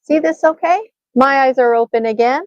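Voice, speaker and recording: A woman's voice: high voice, normal speed, no echo, lo-fi sound. A woman co-hosting a live gemstone reading stream, chatting casually and thinking aloud with fillers. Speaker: co-host and gemstone reader. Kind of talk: casual livestream talk. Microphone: video call.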